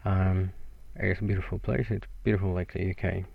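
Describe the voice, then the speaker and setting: Low monotone mexican guy rambling on his podcast, swears a lot, muffled dry lo-fi mic. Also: a little fast, vocal fry, dry recording. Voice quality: flat. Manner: meandering, sweary, self-mocking. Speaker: podcast host.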